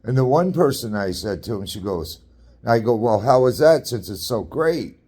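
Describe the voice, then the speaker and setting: A man's voice: medium pitch, animated, moderate pace, a little mellow, breathy edge. A man telling a story in a casual rant, blunt, profane and repetitive. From Canada.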